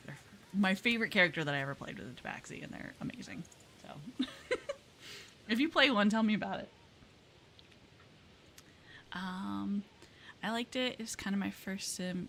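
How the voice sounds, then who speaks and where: A young woman streaming live, chatting casually with viewers, bubbly and talkative with loud exclamations. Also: medium pitch. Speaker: VTuber streamer.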